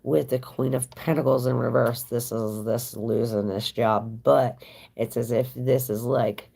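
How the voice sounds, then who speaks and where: A woman hosts a relaxed live tarot reading, her voice very deep and rough with creaky fry. She talks slowly and chattily, reading out viewer comments and answering each one as she draws cards. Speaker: tarot reader.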